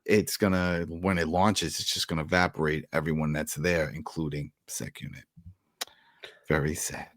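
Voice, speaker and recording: A man co-hosting a casual TV recap chat, retelling scenes in animated bursts with restarts. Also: rumbling low, normal speed, few pauses, no echo, studio quality. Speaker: podcast co-host.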